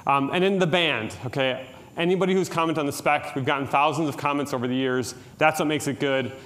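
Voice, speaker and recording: A man's voice: fairly high pitch, fairly quick, fairly bright tone. A middle-aged man from Minnesota giving a conference tutorial talk in a casual, joking way, with frequent "uh" and "um". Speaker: conference presenter.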